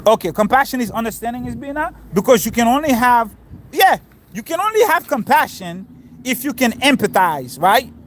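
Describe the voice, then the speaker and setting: A man's voice: very high-pitched, very animated, moderate pace, fairly bright tone, slight background noise. A man giving a casual outdoor scripture lesson while sitting on the grass. He talks informally, quizzes his listeners and explains each term. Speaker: spiritual teacher.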